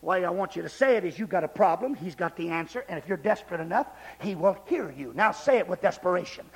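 A man preaching a revival sermon, shouting at the climaxes and dropping low for asides. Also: lively intonation, fast talker, hardly any pauses, a little hiss or hum. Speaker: pastor.

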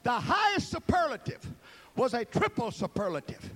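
A man preaching a sermon, swinging between fervent shouting and hushed, slow emphasis, with dramatic repeated words. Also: very high-pitched, big pitch swings.

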